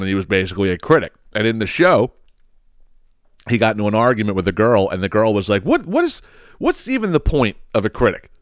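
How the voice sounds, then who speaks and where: A man's voice: fairly low pitch, smooth, dry recording, studio quality. A man hosting a podcast, ranting with heavy profanity and sarcastic mocking impressions. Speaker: podcast host. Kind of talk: ranting solo podcast monologue.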